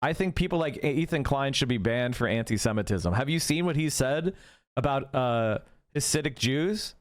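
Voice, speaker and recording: A man's voice: medium pitch, expressive, moderate pace, no echo, clean studio sound. A young man streaming live, reacting to clips with a profane, scornful rant. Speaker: political streamer.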